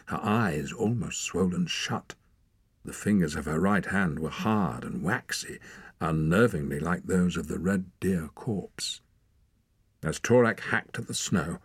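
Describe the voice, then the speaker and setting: A man narrating an audiobook in a calm, measured storytelling manner. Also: deep voice, breathy edge, no echo, clean studio sound. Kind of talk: scripted narration.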